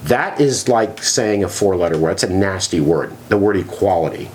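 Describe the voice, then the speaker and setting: A man's voice: low voice, moderate pace, a little hiss or hum. A man co-hosting a podcast, talking in a sarcastic, ranting way in casual chat. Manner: animated, sarcastic, rant-like. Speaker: podcast co-host.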